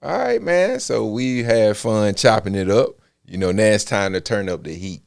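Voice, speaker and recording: A podcast host leads a casual interview with short affirmations and questions. His voice is very deep and gravelly, with a lively, swinging pitch. The sound is dry and close. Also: normal speed, no echo.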